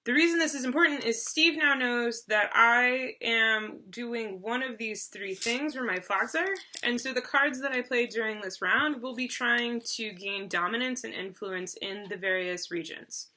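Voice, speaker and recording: Bright-voiced woman explaining game rules. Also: a little high, moderate pace, few pauses, a little hiss or hum. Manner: chatty, loose with fillers and restarts. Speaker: board game co-host.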